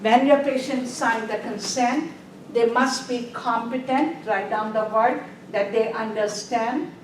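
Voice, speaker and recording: A woman's voice: a little high, a little slow. A woman teaching a nursing exam review class in a classroom, quizzing her students and stressing key words. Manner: quizzes students and repeats "are we clear?". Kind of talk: classroom lecture. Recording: roomy, distant, faint background noise.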